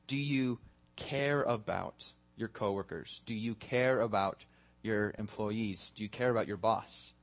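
A man's voice: fairly low pitch, unhurried. Man preaching earnest questions. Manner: earnest questioning, building to a led prayer. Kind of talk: sermon. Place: church sanctuary.

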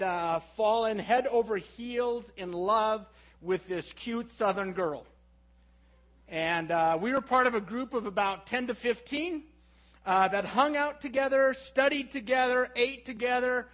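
A middle-aged man preaching a sermon, telling a personal story that swings from hushed reflection to animated retelling. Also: sits high, poor audio.

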